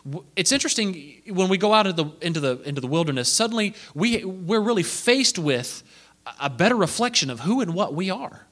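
Lively, bright-voiced male preacher. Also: high voice, brisk. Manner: animated, acting out quoted voices. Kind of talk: sermon.

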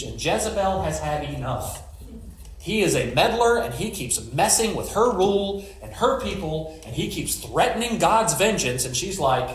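A man's voice: fairly high pitch, reverberant. A male pastor giving a conversational sermon, retelling scripture with jokes and storytelling asides.

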